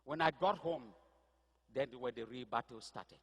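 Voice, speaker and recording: A man's voice: medium pitch, moderate pace, breathy edge. A man telling a personal testimony as a sermon, vivid storytelling that builds to impassioned cries. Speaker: pastor. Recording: echoey hall reverb.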